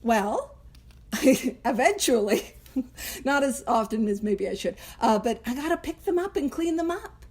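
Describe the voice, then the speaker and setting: Woman host, high bright voice, chatty and animated, laughs between points, leads a book study. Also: measured pace, slightly rough. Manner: animated, chatty, laughs often, self-interrupting asides. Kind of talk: casual teaching chat.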